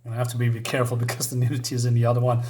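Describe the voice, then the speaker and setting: A man's voice: medium pitch, monotone, rapid-fire, mellow. Chatty man reviewing a comic. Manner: hesitant, many fillers, chuckling asides.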